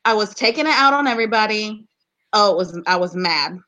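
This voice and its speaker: A woman's voice: medium pitch, lively intonation, brisk, over a noisy crowd. A woman from West Virginia, a podcast co-host in casual chat, telling a story bluntly and swearing freely.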